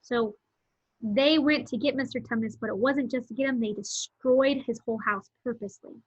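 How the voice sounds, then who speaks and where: A woman reads a novel aloud and stops now and then to explain things plainly. Her voice is breathy and slightly high. The dull, dry recording sounds lo-fi. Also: no echo. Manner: pauses to explain words and events simply. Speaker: read-aloud narrator.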